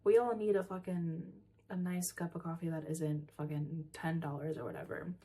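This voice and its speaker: A woman with a lowish, warm voice talks through a story recap in a loose, chatty way. She swears freely and fills her sentences with "um" and "like", as if chatting to friends. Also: steady tone, normal speed. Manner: chatty, swears often, many fillers. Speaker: podcast reviewer. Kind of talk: casual episode recap.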